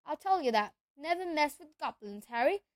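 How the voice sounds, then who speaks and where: A big, hearty giant of a man, loud and blunt in his speech, with a highish voice, as a woman reader puts him on. He sounds dry and close, with nothing in the room around him. The voice stays friendly and plain-spoken throughout. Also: lively intonation, normal speed, no echo. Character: huge friendly bearded giant man, gruff. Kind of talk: audiobook character voice.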